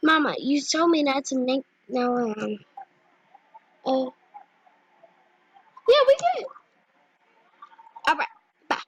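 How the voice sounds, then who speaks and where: A young female gaming vlogger chatting casually and giggly over her gameplay, with squealing excited asides. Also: high-pitched, slow, long pauses, no echo, dull audio. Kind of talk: casual game commentary.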